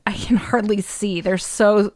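A woman co-hosting a podcast in casual chat, telling quick stories and laughing often. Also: medium pitch, fairly even intonation, a little mellow, no echo. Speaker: podcast co-host.

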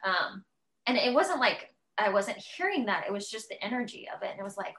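A woman's voice: medium pitch, a little fast, poor audio. Candid woman telling her recovery story. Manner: open, animated, acts out her inner voices. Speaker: podcast guest. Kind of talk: candid conversational interview.

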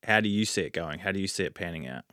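A man hosting a casual sports podcast, briskly steering the talk with questions. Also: deep voice, lively intonation, pushed and bright, clean tone, no echo, studio quality. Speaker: podcast host, moderator.

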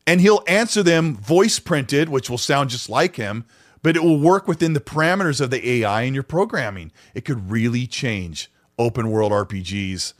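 A man co-hosting a casual podcast, telling stories in an animated, rambling way with many restarts. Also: mid-range voice, moderate pace. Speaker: podcast co-host.

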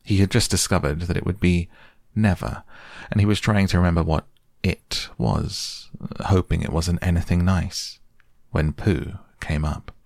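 Deep, gravelly man reading a bedtime story. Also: fairly even intonation, no room sound, studio quality. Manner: slow, soft, gentle reading. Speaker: podcast reader. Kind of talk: soft bedtime audiobook narration.

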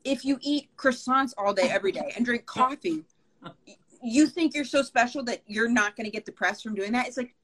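A woman guest in a casual conversation who talks fast, with her words tumbling out. She is chatty and pokes fun at herself, often acting out her own past thoughts. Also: a little high, fairly bright tone, poor audio. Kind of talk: casual chat.

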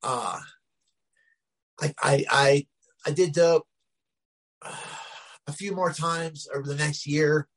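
Middle aged guy, kinda husky voice, rambles a lot with you know what i mean. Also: fairly high pitch, fairly even intonation, slow pace, long pauses, fairly bright tone, rough recording. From New Jersey, US. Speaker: guest. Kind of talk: casual storytelling.

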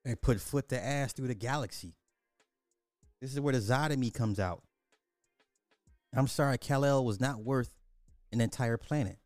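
A man's voice: medium pitch, moderate pace, long pauses, a little mellow, no echo, soft background music. A man giving casual commentary, ranting crudely and repeating himself in disbelief. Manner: crude, repetitive, incredulous ranting. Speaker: online commentator.

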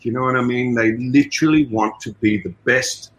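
Bright-voiced Australian man, animated guest. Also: mid-range voice, normal speed, low-quality recording. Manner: animated storytelling with many "you know" asides. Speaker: guest, martial arts trainer and fight coordinator. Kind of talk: casual interview talk.

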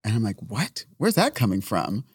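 A man's voice: fairly low pitch, wildly swooping pitch, moderate pace, husky, no echo, studio quality. A man as an interview guest, telling a personal story candidly and bluntly, with swearing and acted-out quotes. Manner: blunt, profane, rambling retelling with acted-out quotes.

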